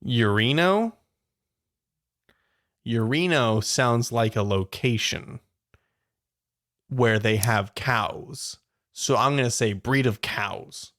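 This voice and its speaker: A man co-hosting a casual podcast, playfully thinking out loud and laughing often. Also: medium pitch, takes it slowly, long pauses. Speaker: podcast co-host. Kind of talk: casual chat.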